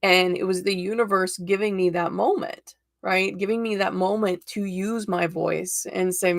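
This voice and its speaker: A woman's voice: mid-range voice, steady tone, moderate pace, gravelly, hardly any pauses, dry recording, studio quality. A woman hosting a live tarot stream, chatting casually and encouragingly and laughing often. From United States.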